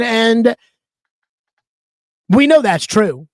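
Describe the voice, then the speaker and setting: A man's voice: extremely high pitch, expressive, unhurried, long pauses, dry recording. A man hosting a sports talk show, giving opinionated commentary in an emphatic, conversational way and stretching out key words.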